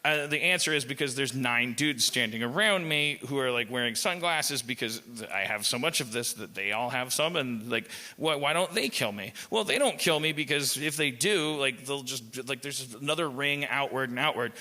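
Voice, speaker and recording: A man's voice: mid-range voice, lively intonation, moderate pace, hardly any pauses, sharp tone. A man hosting a live comedy podcast on stage, riffing in a profane, meandering monologue. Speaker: podcast host.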